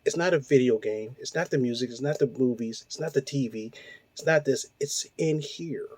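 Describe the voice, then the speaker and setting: A man in his forties rants through a heated, profanity-laced monologue, firing off rhetorical questions. His voice is warm and mellow, with little brightness, and the recording sounds dry and close with no room echo. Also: mid-range voice, normal speed, breathy edge. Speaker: host. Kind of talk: ranting monologue.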